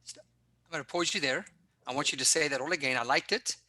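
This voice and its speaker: Over a video call, a man coaches public speaking in an online workshop, energetic, emphatic and directive. His voice sits on the high side, he talks fast, and there's no room sound.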